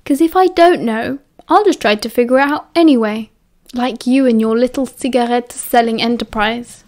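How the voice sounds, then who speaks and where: A woman's voice: fairly high pitch, normal speed, darkish tone, lightly acted. A British woman reading an audiobook and voicing a cocky, teasing teenage boy. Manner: teasing, mocking.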